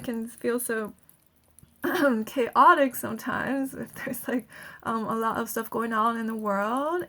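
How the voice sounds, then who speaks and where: A woman's voice: fairly high pitch, fairly bright tone. A woman energy healer giving a casual guided healing talk, chatty and laughing often between phrases.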